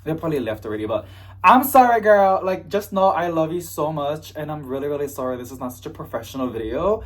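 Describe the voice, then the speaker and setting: A man's voice: on the high side, expressive, brisk, slight background noise. A young man chatting in a casual unboxing vlog, bubbly and gushing. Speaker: plant vlogger.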